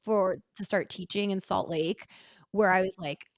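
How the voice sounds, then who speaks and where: A woman in her twenties, a podcast co-host, talking candidly about her past in a halting, earnest way with many filler words. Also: medium pitch, no echo. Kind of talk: candid personal conversation.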